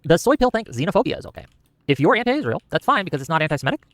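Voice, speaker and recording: A man's voice: sits high, rapid-fire. A man hosting a live online debate show, reading donations and joking lightly. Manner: lively, reads donations, light jokes.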